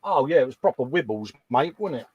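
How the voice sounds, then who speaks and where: A man's voice: mid-range voice, lively intonation, fairly quick, darkish tone, husky, no echo, muffled recording. A middle-aged Englishman hosting a live stream, bantering in a self-mocking, joking way and laughing often. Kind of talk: casual banter.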